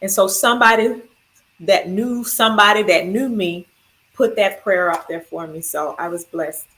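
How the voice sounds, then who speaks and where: A woman's voice: medium pitch, normal speed, fairly bright tone, poor audio. A woman sharing her cancer survival story, rambling through heartfelt thanks to family and friends. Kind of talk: personal video testimony.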